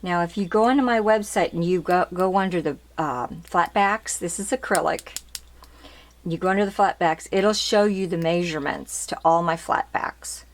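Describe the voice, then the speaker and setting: On her craft channel, a woman shows off ribbons one at a time in a casual show-and-tell, speaking at a normal speed in a lowish voice. Chatty and repetitive about details, she keeps asking whether they're cute with "aren't they cute?"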